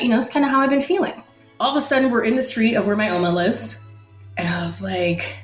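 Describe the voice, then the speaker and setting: A woman from the Netherlands, a podcast guest, telling a personal story in an animated way and acting out the dialogue. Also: medium pitch, fairly quick. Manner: animated, acts out dialogue in quotes. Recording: roomy echo, faint music.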